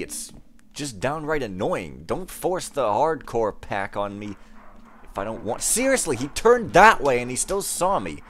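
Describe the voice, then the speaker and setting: A young man giving casual gameplay commentary, ranting and easily frustrated, with outbursts and musing. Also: mid-range voice. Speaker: let's play gamer.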